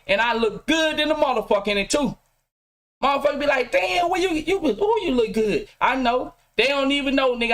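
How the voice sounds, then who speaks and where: High-voiced man ranting profanely. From Mississippi, US. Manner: profane, preachy, bursts into shouting. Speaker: podcast host. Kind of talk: casual livestream rant. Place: home game room.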